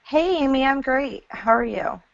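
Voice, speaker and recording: A woman guest author on an online chat show, soft-spoken and lightly amused. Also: sits high, expressive, measured pace, creaky. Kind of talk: casual chat on a live web show. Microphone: video call. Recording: dull lo-fi web call audio.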